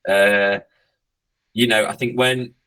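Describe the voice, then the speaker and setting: A man with a fairly low, slightly bright, clear and resonant voice speaks slowly with fairly even intonation, on a low-quality recording. He coaches a rugby club and talks through his team in a casual podcast interview. He's reflective, restarts hesitantly and often, and swears bluntly when joking.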